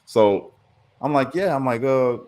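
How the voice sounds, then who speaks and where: A podcast host with a lowish voice talks fairly quickly, sounding tired as he tells a story in casual chat. He's a laid-back storyteller who swears freely.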